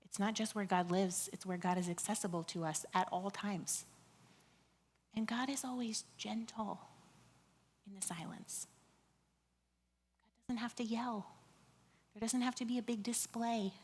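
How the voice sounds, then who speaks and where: A woman in her thirties preaching a sermon in a conversational, animated way, often dropping to a hush. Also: mid-range voice. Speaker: pastor.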